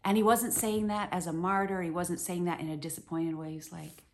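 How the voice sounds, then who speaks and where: Middle-aged woman, devotional bible teaching, earnest and animated, lots of "you know". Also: lowish voice, fairly quick.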